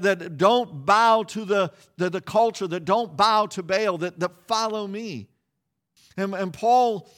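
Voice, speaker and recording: Guy preaching, high voice, animated storyteller, lots of repeated words and restarts. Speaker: pastor. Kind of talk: sermon.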